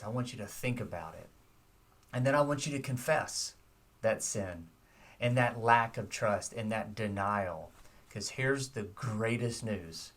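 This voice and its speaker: A man's voice: on the low side, fairly bright tone, recorded from a distance. A man giving a short devotional sermon, earnest and reflective, putting direct questions to his listeners.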